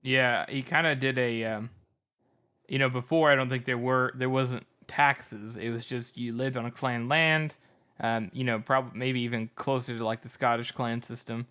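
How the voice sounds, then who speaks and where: A man's voice: medium pitch, steady tone, normal speed, pushed and bright, clean tone. A young adult man co-hosting a podcast, casually thinking aloud and searching for his words. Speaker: podcast co-host. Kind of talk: casual book discussion.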